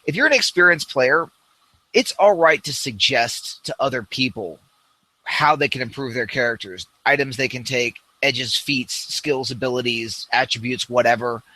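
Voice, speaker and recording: A man's voice: medium pitch, normal speed, pushed and bright, dry recording, rough recording. A man co-hosting a casual tabletop gaming podcast, telling game-table stories and mimicking players in raised voices. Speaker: podcast co-host and game master.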